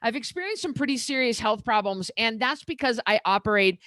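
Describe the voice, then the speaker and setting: Casting note: earnest, emotional woman coach in her middle years, pitched a bit high, dry close sound. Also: animated, a little fast, fairly bright tone, no room sound. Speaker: podcast guest, diet coach. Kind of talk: candid interview talk.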